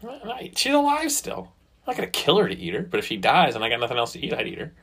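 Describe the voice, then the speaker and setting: Animated, husky-voiced joking man. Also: on the high side, fast talker. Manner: animated, joking, profane storyteller. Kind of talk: casual chat.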